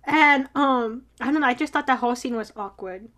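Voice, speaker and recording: A young woman casually recapping drama episodes with a friend, animated, swearing freely and acting out her own reactions. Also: sits high, fairly quick. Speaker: podcast co-host.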